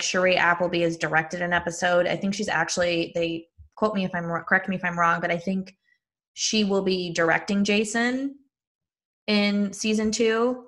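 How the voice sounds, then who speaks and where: A woman's voice: lowish voice, sharp tone. A woman with a Midwestern accent co-hosting a podcast, chatting enthusiastically about a TV show and often trailing off mid-thought. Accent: Midwestern American. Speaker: podcast co-host. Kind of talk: casual chat.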